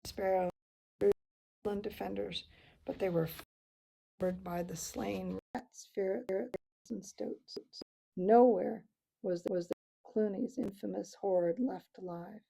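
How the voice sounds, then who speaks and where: Gravelly dark-voiced woman reading aloud. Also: medium pitch, slow pace, rough recording. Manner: steady, calm narration. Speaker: storyteller.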